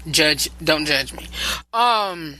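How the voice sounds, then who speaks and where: Slow, bright-voiced man giving advice. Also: a little high, expressive, rough recording. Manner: rambling, repetitive, emphatic, preachy. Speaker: podcast advice host. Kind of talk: solo relationship advice talk.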